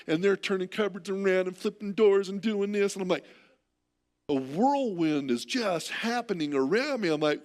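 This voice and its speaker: A middle-aged American man preaching a sermon as pastor, telling stories in an animated way and often repeating words. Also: high-pitched, moderate pace.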